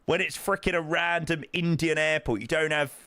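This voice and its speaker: A man chatting casually to his live-stream viewers as he plays, thanking supporters and reacting loudly to his own guesses. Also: fairly high pitch, normal speed, no echo. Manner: excitable, swings between muttering and loud outbursts. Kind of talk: casual live-stream chat while playing.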